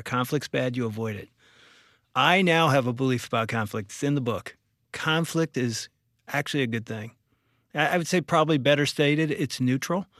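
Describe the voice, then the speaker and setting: Animated older man telling a story. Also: on the high side, no echo, studio quality. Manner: animated, self-mocking storyteller. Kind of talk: storytelling in conversation.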